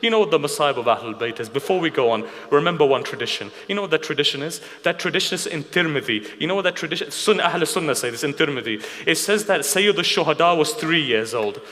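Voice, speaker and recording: A man's voice: fairly high pitch, expressive, quick pace, few pauses. A man delivering an emotional religious sermon, telling stories with many rhetorical questions. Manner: emotional, rhetorical questions, drops to a hushed weeping tone. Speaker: speaker at a mourning gathering. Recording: reverberant hall.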